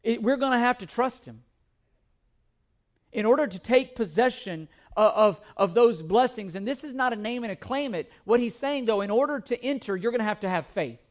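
Emphatic high-voiced male preacher. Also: expressive. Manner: emphatic, repeats words, shifts between slow reading and quick asides. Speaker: pastor. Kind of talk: sermon.

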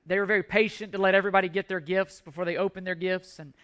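A man's voice: sits high, steady tone, fast talker, a bit bright, clear, resonant tone. A man preaching a sermon as a pastor, telling a story earnestly and often restarting his sentences. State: emotional at times.

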